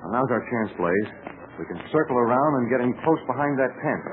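A man playing a steady adventurer giving orders. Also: mid-range voice, a little fast, phone-quality sound, lightly acted. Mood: urgent. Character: calm, commanding adventurer rescuer. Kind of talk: 1940s radio acting. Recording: scratchy 1940s radio broadcast, noisy.

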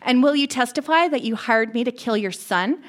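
A woman reading the lines of a scheming female killer who talks in a calm, falsely kind way. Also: fairly high pitch, normal speed, close to an everyday voice. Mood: cold, calm.

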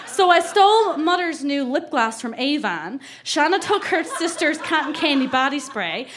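Newfoundland woman, high lively voice, reads her kid diary on a live stage. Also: normal speed, noisy background. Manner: animated, laughing through her reading. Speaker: reader at a live storytelling show. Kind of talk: reading her childhood diary aloud on stage.

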